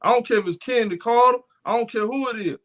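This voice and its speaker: A man's voice: extremely high pitch, fast. A man co-hosting a sports talk stream, stubbornly repeating his point in a heated debate. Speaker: co-host.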